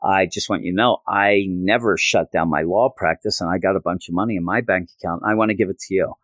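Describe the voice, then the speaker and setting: Male podcast host, earnest rambling comic recap, low pitch, dry close sound. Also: fast, a bit bright, dry recording. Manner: earnest, rambling, many fillers.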